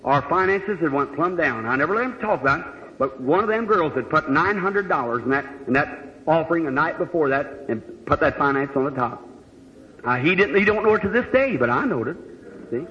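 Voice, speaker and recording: A man's voice: on the high side, lively intonation, brisk. A man preaching, telling a story in a folksy, plain-spoken way, acting out the dialogue, before a congregation in a large hall. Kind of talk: sermon storytelling. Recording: old dull recording in a hall.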